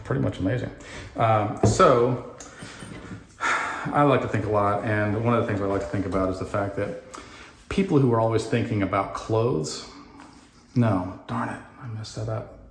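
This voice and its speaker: Male DIY vlogger, deadpan jokester, echoey unfinished room, faint noise. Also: fairly low pitch, moderate pace, vocal fry, long pauses. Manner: deadpan jokey, puns and mock anger. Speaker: home renovation vlogger. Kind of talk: joking DIY how-to vlog. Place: house under renovation, indoors.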